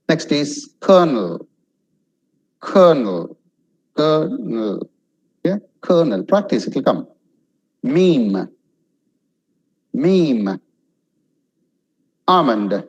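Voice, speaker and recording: A man leads an online English lesson, speaking slowly and carefully through word drills so that learners can repeat after him. His voice is slightly husky, and his pitch sits in an ordinary middle range. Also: sing-song, low-quality recording. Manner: slow, drills single words for repetition. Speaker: English pronunciation and vocabulary trainer.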